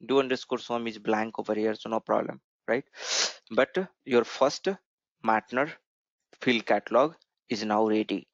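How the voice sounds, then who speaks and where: Here a man teaches programming by talking through code shown on his screen, often pausing to ask "right?" as he explains. His pitch is fairly low, his intonation stays fairly even, and he speaks a little slowly. The dull lo-fi mic picks up no room sound.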